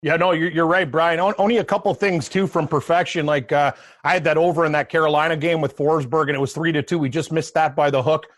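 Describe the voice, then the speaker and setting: A man's voice: a little high, steady tone, fast, hardly any pauses, no room sound. A man co-hosting a sports betting podcast, chatting casually with a joking, self-deprecating manner. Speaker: podcast co-host.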